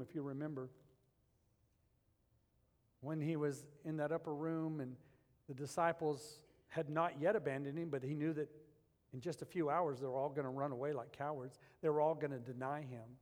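A man delivers a sermon in a church, dropping to a near hush and then building to loud, emphatic peaks. His voice sits a little high for a man. A long reverb trails each phrase. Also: steady tone, normal speed. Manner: swings from hushed and intimate to loud and emphatic. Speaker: preacher.

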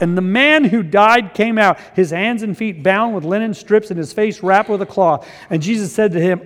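High-voiced preaching pastor in a hall. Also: male voice, normal speed, hardly any pauses. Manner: preaches with rising intensity, quotes scripture. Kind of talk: sermon.

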